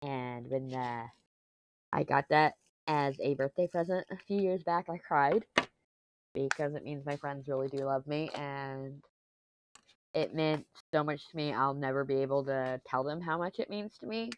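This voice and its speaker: A woman, chatting casually and rambling on while she crafts, self-deprecating and quick to laugh, on a mic clipped to her shirt. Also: very deep voice, a little hiss or hum. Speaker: diamond painting vlogger. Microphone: lapel mic clipped to t-shirt. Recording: dull, lo-fi, dry lapel sound.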